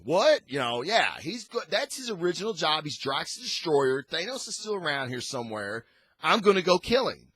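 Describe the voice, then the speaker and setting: A man's voice: fairly high pitch, sing-song, moderate pace, hardly any pauses, fairly bright tone, breathy edge, no room sound. A man hosting a casual comic book review, rambling and enthusiastic with frequent restarts.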